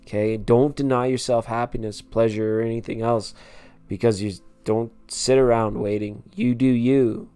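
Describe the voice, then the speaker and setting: A man's voice: lowish voice, little pitch movement, normal speed, dark tone, clear, resonant tone. A man hosting a live tarot stream, chatting casually and reassuring viewers by name.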